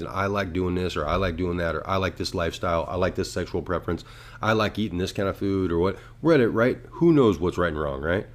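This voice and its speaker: A man with a very low voice hosts a casual podcast. He rambles and swears freely. He slips into quick impressions of what people would say. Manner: rambling, profane, acts out voices. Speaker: podcast host.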